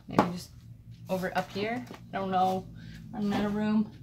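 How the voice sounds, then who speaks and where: A woman at her home craft desk chatting casually and excitedly as she shows off mail she received, picked up by a camera on the desk. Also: medium pitch, normal speed, very noisy. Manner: gushing, excitable, rambling. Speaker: crafting vlogger.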